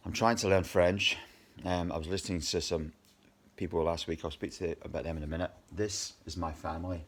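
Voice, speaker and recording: A man's voice: deep voice, steady tone, fairly quick, slightly rough. A Scottish man in his fifties, exhausted, rambling and swearing angrily in a personal video diary. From Scotland. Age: 50s. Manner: agitated, rambling, heavy swearing. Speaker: video diarist.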